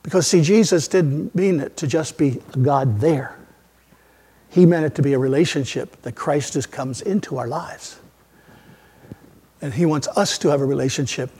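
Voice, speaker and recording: A man preaching a sermon as a pastor, emphatic, swinging between loud outbursts and quiet asides. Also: on the high side, husky. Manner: emphatic preaching with sudden loud rises and soft drops.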